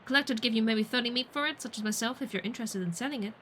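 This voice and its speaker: A woman's voice: on the high side, racing, pushed and bright, slight background noise. Woman reading as a folksy ring collector. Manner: folksy, talkative, barely changes her own voice. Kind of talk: reading game dialogue aloud.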